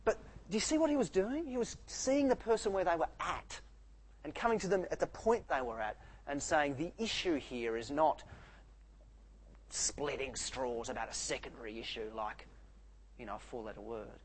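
Husky animated male preacher. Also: fairly high pitch, moderate pace, low-quality recording. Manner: animated, swings from soft to loud. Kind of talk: sermon.

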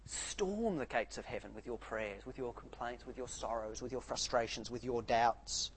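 A man preaching a sermon, swinging between soft, quiet lines and loud, animated outbursts. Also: medium pitch, moderate pace, hardly any pauses, slight background noise, poor audio.

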